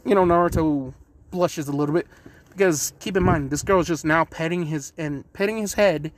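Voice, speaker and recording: A man narrates a fan-made story in a casual, rambling way, constantly correcting himself and sprinkling fillers. His voice sits on the higher side for a man, and a faint hiss of noise runs underneath. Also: moderate pace.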